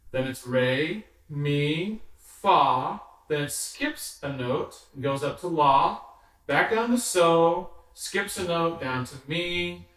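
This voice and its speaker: A music teacher with a fairly high, fairly bright voice patiently walks through notes, rhythms and solfege at a slow instructional pace, at times counting aloud and singing or chanting the solfege. The mic sits somewhat distant in a very echoey room.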